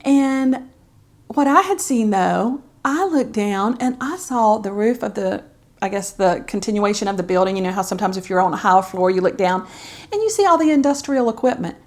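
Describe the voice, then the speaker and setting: A woman's voice: medium pitch, animated, moderate pace. A middle-aged woman, talking candidly to camera as a caregiver vlogger, chatty and heartfelt with many fillers. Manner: chatty and heartfelt, with frequent fillers and soft laughs. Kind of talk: candid personal vlog talk.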